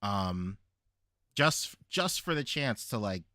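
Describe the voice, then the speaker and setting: A Filipino American man hosting a podcast, telling stories in an animated way with frequent laughs. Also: lowish voice, takes it slowly, no echo, studio quality. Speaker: podcast host. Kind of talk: casual chat.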